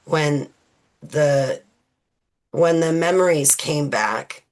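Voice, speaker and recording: An interviewee in her forties with a deep voice talks about her personal memories. She pauses, restarts, and leans on many filler words as she goes.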